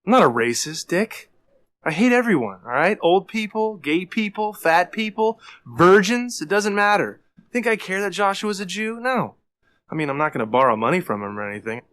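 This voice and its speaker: Brief: a deadpan misanthrope, lively high-ish voice, dry sound. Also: male voice, moderate pace, dry recording. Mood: sardonic. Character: blunt man who claims to hate everyone.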